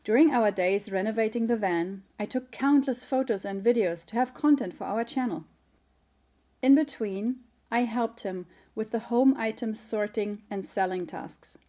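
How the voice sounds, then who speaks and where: Author-narrator, middle-aged woman, mellow and slightly high, calm measured audiobook read. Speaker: author reading her memoir.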